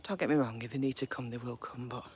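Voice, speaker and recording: A woman chatting casually on a live stream while walking her dogs in a park, cooing at them in a high baby voice. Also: steady tone, quick pace, a little mellow, breathy edge. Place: woodland park outdoors, early morning.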